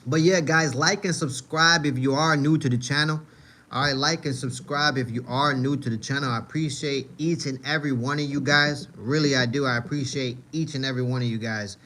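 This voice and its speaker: Answering viewers' chat on his laid-back livestream, a New York-accented man from Manhattan talks at a moderate pace with a steady, sharp tone and medium pitch. He wanders off on tangents, says the same phrases again, and constantly drops "you know what I mean."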